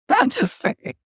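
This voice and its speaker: A woman's voice: no room sound, clean studio sound. A woman co-hosting a podcast in casual chat, emphatic and chatty with folksy asides. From United States. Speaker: podcast co-host and singer.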